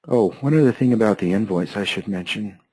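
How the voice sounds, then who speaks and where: A hoarse man with a lowish voice guides learners through an accounting program, one methodical step at a time. He keeps clearing his throat as he goes. The sound is dry and close, with no room around it. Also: fairly quick, no echo, poor audio. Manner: steady, methodical step-by-step explaining. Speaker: software trainer. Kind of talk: screen-share software tutorial.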